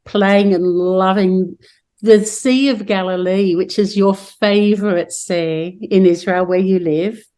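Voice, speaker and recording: A woman's voice: medium pitch, steady tone, slow, dark tone. An Australian woman hosting a spiritual podcast over a video call, speaking in soothing, gushing affirmations. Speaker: podcast host.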